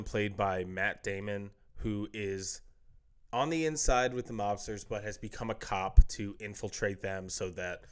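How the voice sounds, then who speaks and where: A man's voice: lowish voice, a bit bright, smooth. A man hosting his own movie review, talking casually and with enthusiasm, rambling through his opinions.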